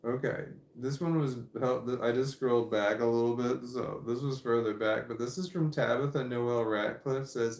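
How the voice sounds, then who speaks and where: A man's voice: medium pitch, fairly even intonation, normal speed, creaky, hardly any pauses, darkish tone, echoey room. A man hosting a casual livestream, reading viewer comments aloud and rambling about them with frequent laughs. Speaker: livestream host reading chat.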